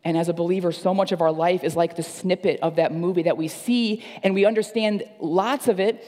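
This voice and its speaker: A man's voice: high voice, fairly even intonation, a little fast, darkish tone, in a large hall. A man preaching a sermon as pastor, earnest and repeating phrases for emphasis. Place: church service.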